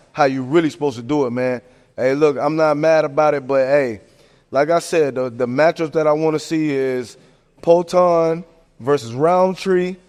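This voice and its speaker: A man hosting a podcast, giving casual sports commentary in a slangy, animated rant full of fillers. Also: fairly high pitch. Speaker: podcast host. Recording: long echoing reverb.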